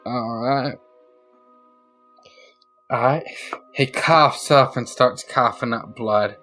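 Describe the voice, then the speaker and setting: Casual male game master, bright forward tone, loose narration. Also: medium pitch, slow pace, long pauses, faint music behind. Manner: casual, loose, full of fillers.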